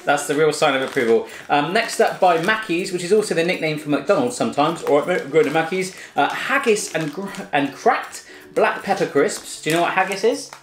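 A cooking channel host does a casual taste test with his daughter, chatty and jokey, in a fairly high, expressive voice that moves a little fast. The room has an echo and faint music plays.

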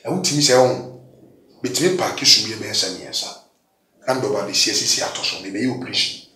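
A man giving a candid testimony in an interview, swinging between loud, emphatic bursts and low mutters. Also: fast talker. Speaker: guest giving a confession testimony. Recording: echoey room, distant mic.

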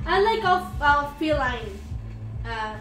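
Giggly high-voiced woman reading comments. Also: animated, slow, recorded from a distance. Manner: giggly, reads comments aloud. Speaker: co-host reading live comments. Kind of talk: casual live-stream chat. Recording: roomy live-stream audio with music.

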